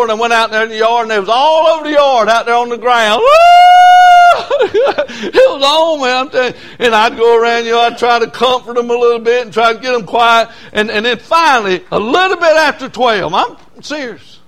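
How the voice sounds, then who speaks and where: High-voiced preacher man. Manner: folksy, repetitive, loud when stirred. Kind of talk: storytelling sermon.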